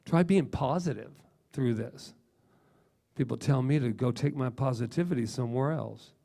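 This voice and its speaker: Gravelly middle-aged man preaching emphatically. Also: medium pitch, moderate pace. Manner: animated, emphatic preaching with repetitions and asides. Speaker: minister. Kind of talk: sermon.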